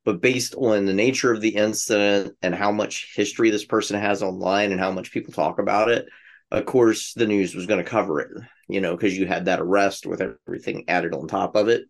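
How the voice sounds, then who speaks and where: A man co-hosting a podcast in casual chat, explaining his view in a measured way with many "like"s. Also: fairly low pitch, steady tone, creaky. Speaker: podcast co-host.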